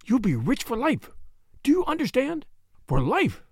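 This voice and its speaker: A man's voice: sits high, huge pitch swings, normal speed, vocal fry, no room sound, clean studio sound, full character voice. A man doing a frantic, cornered murderer. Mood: begging. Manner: panicked, pleading, breathless. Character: desperate cornered male murderer, pleading. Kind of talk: audiobook character voice.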